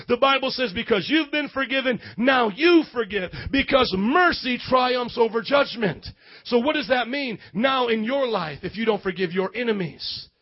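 A man's voice: sits high, dull audio. A man preaching a sermon with passion, calling out questions to his congregation. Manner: impassioned preaching, calls to the congregation. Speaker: pastor.

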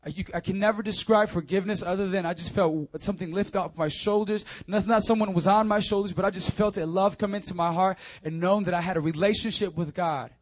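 High-voiced, animated male preacher. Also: fast, hardly any pauses. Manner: animated preaching, swinging between loud urging and quiet intimacy; repeats calls like "come on now" and "I'm telling you". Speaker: pastor. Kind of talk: sermon.

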